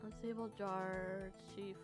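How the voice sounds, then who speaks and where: A woman streaming a game live, chatting in a silly, playful way with sudden loud outbursts. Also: mid-range voice, little pitch movement, slow pace. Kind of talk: live gameplay commentary. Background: soft lofi music.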